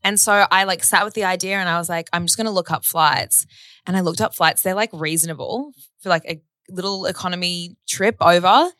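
A woman's voice: on the low side, a little fast, bright, forceful tone, no echo. A young woman co-hosting a podcast, telling stories in a chatty, giggly way. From Australia. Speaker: podcast co-host. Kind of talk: casual chat.

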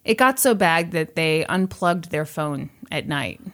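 A woman's voice: sits low, expressive, unhurried, a bit bright. A young woman co-hosting a podcast, telling a story in casual chat, reading out quotes and adding joking asides. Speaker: podcast co-host.

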